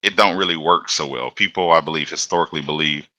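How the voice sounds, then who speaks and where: A man from Alabama, a locomotive engineer, chatting as a guest and telling stories in a relaxed, rambling way. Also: very deep voice, fast talker, no room sound. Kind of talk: casual conversational storytelling.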